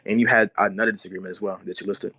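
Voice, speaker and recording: A man's voice: fairly low pitch, fairly even intonation, very fast, sharp tone, breathy edge, no room sound, low-quality recording. A man debating casually, hesitant, with many restarts and fillers.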